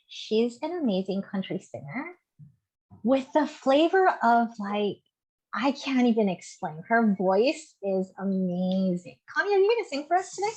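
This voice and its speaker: A woman's voice: mid-range voice, a little mellow. A woman hosting a casual video call chat, effusive as she welcomes guests. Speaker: host.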